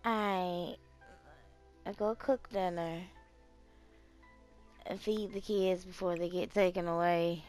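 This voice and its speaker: A woman's voice: on the low side, fairly even intonation, slow, long pauses, darkish tone, soft background music. A woman giving casual commentary while playing a life-sim game, chatting freely, swearing often and talking to her characters. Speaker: gaming channel host.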